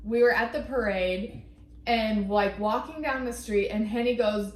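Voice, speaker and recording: A woman co-hosts a relaxed chat show, speaking candidly and expressively and cursing freely. Her voice is high, and the room has a noticeable echo. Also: unhurried. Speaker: co-host. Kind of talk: casual podcast chat.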